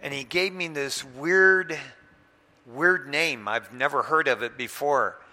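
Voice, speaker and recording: A man preaching a sermon, telling a story with animated delivery that swings between loud and hushed. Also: medium pitch, slow. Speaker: pastor. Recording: long hall reverb.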